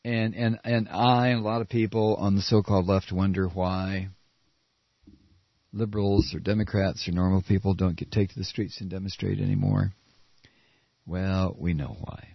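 A man giving sarcastic political commentary while reading a news article, with mocking asides. He swings from shrill mock surprise to low muttering. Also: level tone, moderate pace, vocal fry, no room sound. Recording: dry, dull lo-fi audio.

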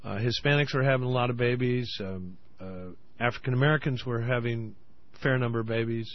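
A man's voice: mid-range voice, fairly even intonation, a little fast, no echo, dull audio. A man in a played interview clip, talking earnestly with many ums and uhs. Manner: hesitant, many fillers, earnest. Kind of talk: interview talk.

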